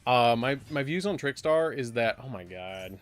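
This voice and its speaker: A man's voice: mid-range voice, lively intonation, moderate pace, no room sound, faint music behind. A man casually chatting while streaming a card game live, rambling and breaking into surprised exclamations.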